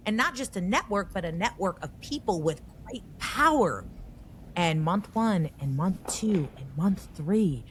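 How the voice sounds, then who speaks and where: Telling a story on her podcast, a woman grows increasingly animated, her emotion building throughout this candid, conversational talk. She has a lowish voice and keeps a measured pace. Some slight background noise is present.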